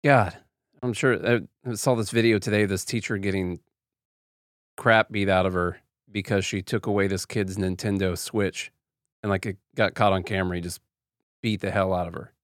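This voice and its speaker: A man's voice: low-pitched, steady tone, moderate pace, no echo. Podcast host guy, sarcastic and rambly, dry close sound. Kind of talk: casual commentary.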